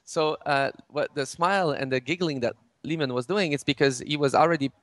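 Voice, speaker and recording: A man's voice: a little high, brisk, a bit bright, dry recording. A middle-aged man, a game studio head in an interview, explaining game mechanics with many restarts and fillers.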